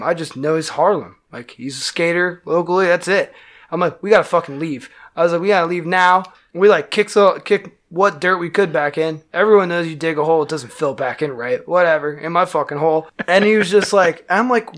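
A man, a band musician, telling a wild story in casual, profane talk, acting out the quotes loudly. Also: high voice.

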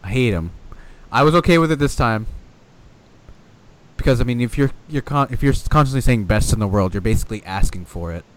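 A man co-hosting a casual podcast in a lively, exasperated way. He swears freely and builds his rants up to sharp peaks of disbelief. He sits at a middle pitch for a man. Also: fairly quick. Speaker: podcast co-host. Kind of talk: casual wrestling podcast chat.

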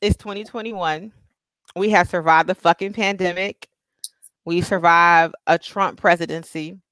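A woman in her thirties telling a story in casual chat, profane and animated, acting out what people said. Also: fairly low pitch, measured pace, clean tone, no echo. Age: 30s. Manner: animated, profane, acts out quotes. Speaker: podcast co-host.

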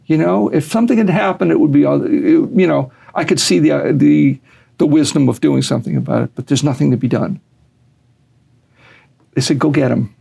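A man's voice: normal speed, creaky, warm tone, slightly rough. A man telling a long story animatedly, raising his voice when he acts out what others said. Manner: acts out quotes with raised pitch.

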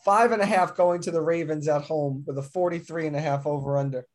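A man's voice: fairly high pitch, fairly even intonation, brisk, darkish tone. A man hosting a casual sports betting chat, reading lines and teasing his co-hosts as he moves the picks along. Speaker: podcast host running the picks.

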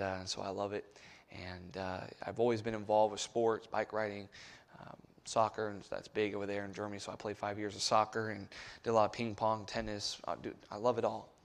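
A man preaching a sermon in a church sanctuary as a missionary preacher. He tells stories, swinging from hushed asides to loud exhortation, and calls out to the congregation for responses. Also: on the low side.

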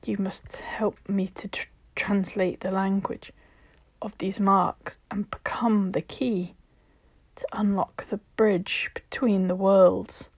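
A woman voicing a fragile, haunted young woman who speaks in hushed, breathy whispers in a told story. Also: mid-range voice, steady tone, slow, no echo, heavily acted.

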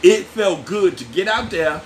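A man's voice: high-pitched, unhurried. Pastor guy preaching, folksy and chatty, voice bouncing all over, bit of hiss behind. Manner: lively, folksy preaching with laughs and asides to listeners. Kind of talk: sermon.

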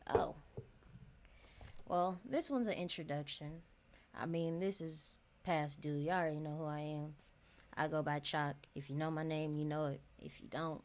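A woman's voice: sits low, a little hiss or hum. A young woman hosting a casual solo podcast, talking frankly and chattily straight to her listeners. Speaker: podcast host.

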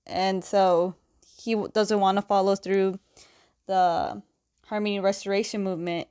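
A young woman walks through a comic's story in a loose, chatty retelling, quoting the characters in passing and laughing often. Her voice sits at a middling pitch for a woman. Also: clean tone. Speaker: comic book recapper. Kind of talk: casual retelling.

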